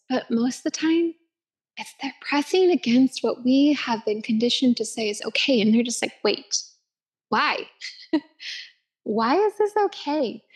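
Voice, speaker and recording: A yoga instructor with a fairly high voice gives a casual, reflective self-help talk. She says "like" a lot, laughs easily, and now and then drops to a whisper.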